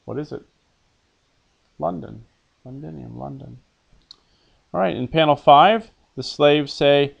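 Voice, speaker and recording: A man's voice: on the high side, slow, vocal fry, pauses often, breathy edge. A man teaching an elementary Latin lesson, reading phrases for a pupil to repeat, then translating them and patiently quizzing. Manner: patient, asks questions and answers them himself.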